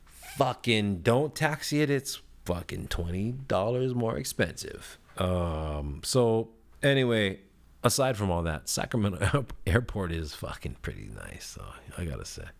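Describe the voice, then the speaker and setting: A man with a fairly low voice hosts a casual podcast. He tells stories in a heated, rambling rant full of swearing, and his pitch and loudness jump around as he talks. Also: unhurried, creaky. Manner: lively swings in pitch and loudness. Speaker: podcast host.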